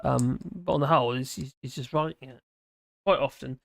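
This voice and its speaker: A man's voice: mid-range voice, normal speed, gravelly, dry recording. A tired man hosting a livestream, rambling casually through viewer chat and slurring his words a little. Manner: rambling, with frequent restarts and fillers.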